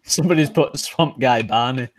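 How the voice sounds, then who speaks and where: A man's voice: mid-range voice, moderate pace, no room sound. A man appearing as a guest on a livestream, giggly and self-deprecating in casual chat.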